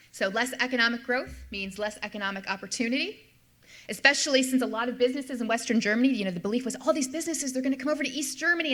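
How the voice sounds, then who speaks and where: Her voice leans high and somewhat bright as this middle-aged woman, a history professor, delivers an explanatory slide lecture. She repeats the main points to drive them home.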